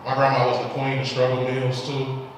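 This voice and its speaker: A man's voice: mid-range voice, completely flat delivery, brisk, distant mic, slight background noise. A young man from Detroit with a Detroit accent, telling loose stand-up stories with exasperated quoted voices. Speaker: stand-up comedian. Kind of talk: stand-up set. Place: live comedy club stage. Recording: echoey hall recorded from afar. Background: audience laughter.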